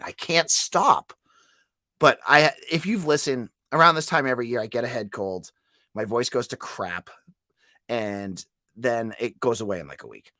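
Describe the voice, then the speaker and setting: Man with a head cold, lively voice. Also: mid-range voice, no room sound, studio quality. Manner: chatty, repeats words, asks "right?". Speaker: podcast host. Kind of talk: casual sports podcast monologue.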